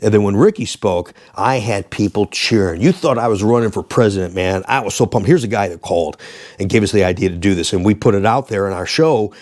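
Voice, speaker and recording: A former radio DJ tells stories casually to the camera, animated and quick to laugh. He often mimics callers in high voices and laughs a lot.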